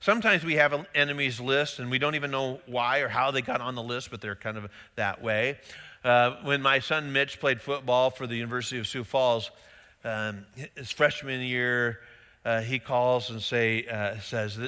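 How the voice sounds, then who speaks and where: A man's voice: mid-range voice, moderate pace, sharp tone. A middle-aged man, a pastor, preaching a casual, conversational sermon with rhetorical questions and little acted-out quotes. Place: church sanctuary. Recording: long hall reverb.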